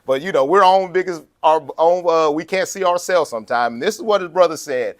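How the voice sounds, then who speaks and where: A man preaching a sermon in a lively, conversational way, acting out quotes and laughing along the way. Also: fairly high pitch, brisk.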